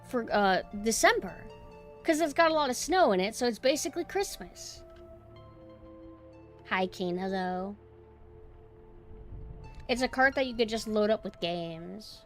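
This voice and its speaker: A woman streamer talks casually with her viewers in a dry, flat monotone. Her voice has a gravelly fry running through it. Faint music plays underneath. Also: medium pitch, moderate pace. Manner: dry, deadpan monotone delivery.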